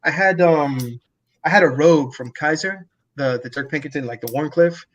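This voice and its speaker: A man's voice: a little high, normal speed. Casual, profane male guest storyteller. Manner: loose storytelling, swears. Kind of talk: casual chat.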